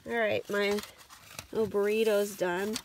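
A woman's voice: mid-range voice, flat delivery, a little slow, slight background noise. A woman camping vlogger chatting in a casual, upbeat way and laughing often at an outdoor lakeside campsite.

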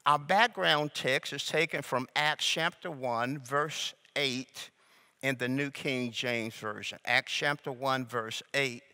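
A man's voice: medium pitch, bright, forceful tone. A male pastor teaching a sermon, drawing out key words and coaxing the congregation to repeat phrases back to him. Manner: slow, deliberate emphasis on key words. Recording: long hall reverb.

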